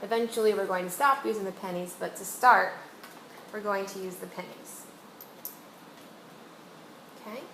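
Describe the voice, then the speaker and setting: A woman's voice: medium pitch, fairly even intonation, moderate pace, long pauses, fairly bright tone. A woman reading teacher giving one-on-one literacy instruction, guiding a student with patient, step-by-step questions. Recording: roomy echo, faint background noise.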